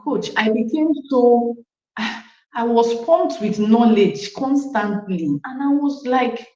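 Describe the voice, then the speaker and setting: Nigerian woman, thirties, animated testimony storyteller; roomy, slightly muffled recording. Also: on the high side, slow. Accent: Nigerian English. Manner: animated storytelling with acted quotes, frequent asides to the coach. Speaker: parent sharing a testimony. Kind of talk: casual personal testimony.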